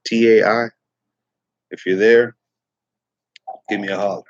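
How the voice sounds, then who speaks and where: A man's voice: on the low side, flat delivery, unhurried, dry recording, highs cut off. A middle-aged man from Texas hosting a casual morning livestream, rambling with many fillers and restarts. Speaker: livestream host.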